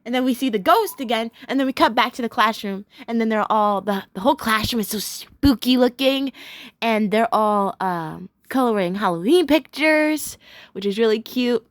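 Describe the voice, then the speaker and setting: A young woman rambles through a cartoon episode recap. She giggles often and gushes in bursts. Her voice sits a little high and sounds dry and close. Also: normal speed, no echo. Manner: rambling, giggly, lots of fillers, gushing bursts. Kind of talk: casual recap vlog.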